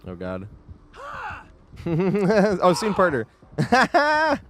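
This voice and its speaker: Animated, swearing male game streamer. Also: high voice, drawn-out words, background noise. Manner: swears freely, laughs often, animated; chatty, thanks viewers while playing. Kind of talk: live gameplay commentary.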